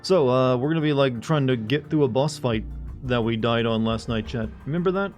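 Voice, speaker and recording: Male streamer, mid-pitch, casual rambling banter with dark jokes. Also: a little fast, faint music behind. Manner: joking, rambling, talks to chat. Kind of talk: casual live-stream chat.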